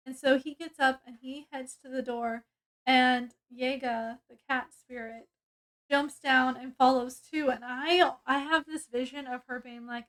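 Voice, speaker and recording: A woman's voice: sits high, fairly even intonation, measured pace, fairly bright tone. A woman reviewing a book, casually retelling its plot in a rambling way with many fillers and restarts.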